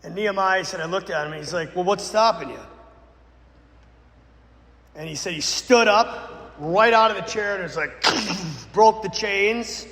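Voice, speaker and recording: A man, a Catholic priest, telling a dramatic story in a sermon, swinging between loud bursts and hushed lines. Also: sits high, a little slow, long pauses. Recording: echoey church with long reverb.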